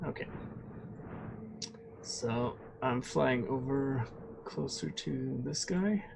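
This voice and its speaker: A man playing a tabletop game casually, giving relaxed, brief answers. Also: mid-range voice, very slow, vocal fry, background noise. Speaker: player.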